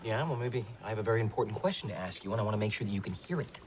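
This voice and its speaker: A man's voice: lowish voice, expressive, rapid-fire, lightly acted. A man acting a bumbling, evasive boyfriend in a sitcom.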